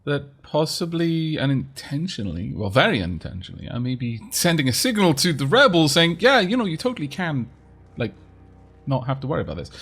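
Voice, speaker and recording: A man's voice: medium pitch, fairly bright tone, slightly rough. A man commentating his game stream, rambling and chuckling as he reads chat aloud. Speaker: gaming streamer.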